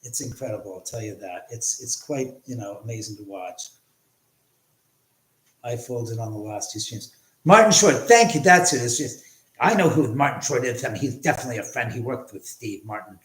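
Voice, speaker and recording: A man's voice: mid-range voice, expressive, normal speed, reverberant, rough recording. A man hosting a casual livestream from his home, rambling and swearing as he chats with viewers. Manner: rambling, profane, chatty with viewers. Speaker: livestream host.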